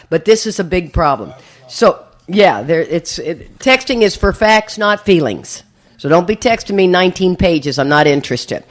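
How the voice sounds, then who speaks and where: A woman speaking at a recovery meeting, telling a humorous personal story with lots of laughter and acted-out voices. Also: on the low side. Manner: animated, laughs often, acts out others' voices.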